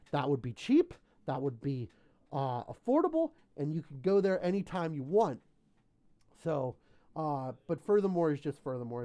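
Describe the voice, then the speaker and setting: A man's voice: fairly high pitch, warm tone. A man hosting a casual livestream call-in show, rambling and self-deprecating as he chats with viewers.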